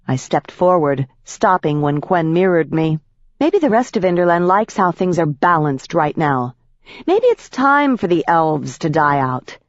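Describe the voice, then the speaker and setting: A woman's voice: deep voice, lively intonation, a little slow, dry recording, lo-fi sound. A woman narrating an audiobook in first person, with an intense, emphatic delivery.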